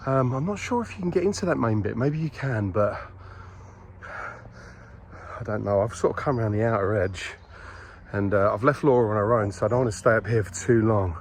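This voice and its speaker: A man's voice: lowish voice, brisk, slight background noise. Breathless man vlogging outdoors. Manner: chatty, rambling, self-mocking. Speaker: vlogger exploring a historic site. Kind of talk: casual walking vlog. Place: outdoors on a hilltop by a graveyard. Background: birdsong.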